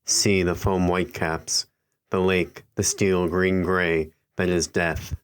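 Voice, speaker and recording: Deep-voiced man narrating a somber story. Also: level tone, slow, clear, resonant tone.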